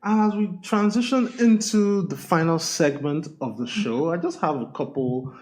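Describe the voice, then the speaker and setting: Man, podcast host, lively questions, fairly high voice. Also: normal speed. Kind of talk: casual interview talk.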